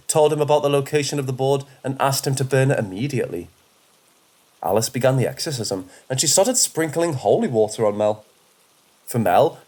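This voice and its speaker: A man's voice: mid-range voice, darkish tone. Man narrating horror stories. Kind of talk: scripted horror story narration.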